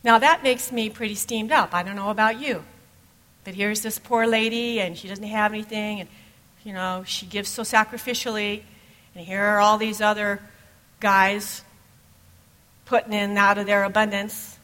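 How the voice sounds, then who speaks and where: A woman pastor preaching a sermon, telling stories in an easy, conversational way at a middle pitch. Her voice carries a long reverb from a church sanctuary. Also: steady tone, normal speed, bright, forceful tone.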